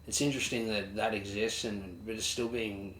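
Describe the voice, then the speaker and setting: A man's voice: on the low side, fairly even intonation, normal speed, fairly bright tone. A man co-hosting a casual music review chat, rambling with many fillers and restarts. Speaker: podcast co-host. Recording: roomy sound with faint ambient noise.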